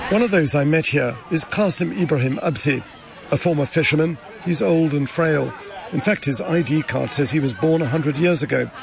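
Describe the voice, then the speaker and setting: A man delivering a measured, grave field report from a refugee camp outdoors. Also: fairly high pitch, creaky. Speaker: correspondent. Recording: crowd and street noise around.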